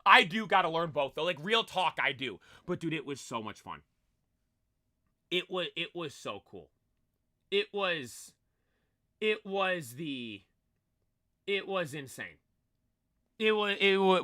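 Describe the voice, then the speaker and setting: A young man streamer chatting casually, excitable and rambling, restarting his sentences again and again. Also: high-pitched, takes it slowly, long pauses, no echo, studio quality. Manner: excitable, rambling, full of "like" and "dude", many restarts.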